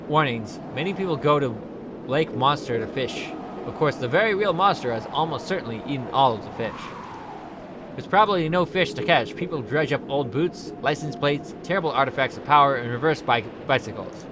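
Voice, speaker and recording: A man's voice: medium pitch, animated, brisk, background noise, natural voice. A man voicing a chipper, scatterbrained woman tourist officer who rambles in an overly formal way. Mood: flustered. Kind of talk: reading game dialogue aloud.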